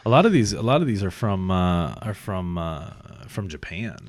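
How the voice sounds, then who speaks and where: A man with a fairly low voice co-hosts a podcast in loose banter. He curses a lot, laughs easily and trips over his own sentences. The sound is dry and close. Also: expressive, moderate pace, no echo. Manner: swears often, laughs a lot, restarts sentences. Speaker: podcast co-host. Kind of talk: casual banter.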